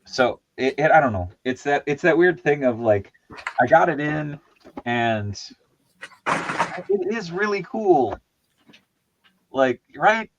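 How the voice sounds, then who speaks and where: A man's voice: medium pitch, lively intonation, measured pace, dull audio, noisy background. A man hosting a casual chat about toys, rambling and laughing at himself. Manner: rambling, laughs often, self-deprecating. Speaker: host.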